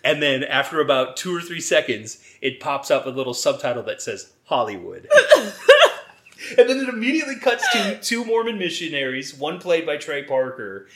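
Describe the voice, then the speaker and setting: A man's voice: fairly high pitch, lively intonation, moderate pace, fairly bright tone. A man co-hosting a podcast in a casual chat, laid-back, swearing freely and often laughing as he talks. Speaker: podcast co-host.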